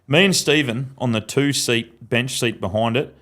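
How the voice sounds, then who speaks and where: A man in his thirties tells a rowdy story in a podcast studio, swearing freely and breaking into laughter mid-sentence. His voice sits at an ordinary middle pitch, and his casual yarn-spinning comes in bursts. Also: normal speed, a bit bright. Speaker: podcast guest.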